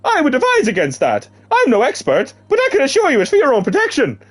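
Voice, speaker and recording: A man voicing a gentle, burly male coroner in an exaggerated high voice with a mock Italian accent while reading a novel aloud. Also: huge pitch swings, quick pace, full character voice. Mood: reassuring.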